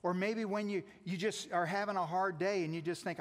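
A man, a pastor, preaching a sermon, putting many questions to his listeners and moving between raised emphasis and soft asides. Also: high-pitched, steady tone, fairly quick. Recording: long reverb of a large hall.

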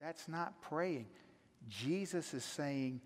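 High-voiced older pastor, slow sermon. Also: male voice, lively intonation. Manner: conversational, earnest, swings from hushed to loud. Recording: echoey hall reverb.

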